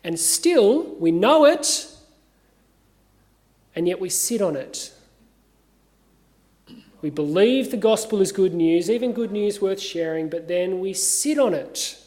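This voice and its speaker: Australian man preaching, measured and earnest, high voice, slow, long cathedral reverb. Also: animated. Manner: measured, earnest, gently humorous. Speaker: assistant minister. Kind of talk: sermon.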